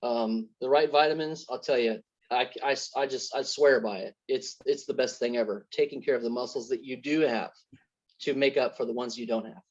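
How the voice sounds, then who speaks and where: A man's voice: mid-range voice, steady tone, moderate pace. A man giving an earnest, faith-centred testimony as an interview guest, telling parables to make his points. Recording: dull lo-fi sound.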